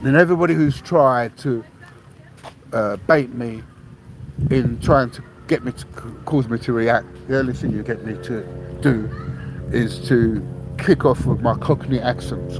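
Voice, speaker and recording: A man's voice: mid-range voice, a little slow. Guy podcasting, repeats himself, keeps saying yeah?, swears, bit of car noise in the back. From England, raised in London. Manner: repetitive, tags statements with "yeah?"; blunt and defiant, swears. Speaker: podcast host. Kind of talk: rambling monologue to listeners.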